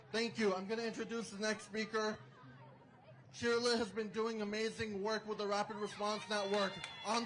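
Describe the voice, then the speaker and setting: A man speaking forcefully at an outdoor protest rally, leading chants and introducing the next speaker. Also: high voice, little pitch movement, normal speed, noisy background. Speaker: rally emcee.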